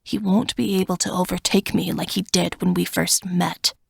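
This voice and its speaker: A woman voicing a protective, defiant cursed male dragon in whispered role-play, speaking gravely and with determination. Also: on the low side, fairly even intonation, normal speed, no echo, studio quality, exaggerated voice. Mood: grim resolve.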